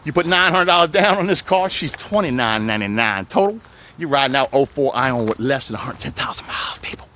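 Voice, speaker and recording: A man selling used cars on his lot in a loud, salesy pitch, calling viewers baby and my people. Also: animated, a little fast, a little hiss or hum. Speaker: used car dealer. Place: outdoors on a car lot.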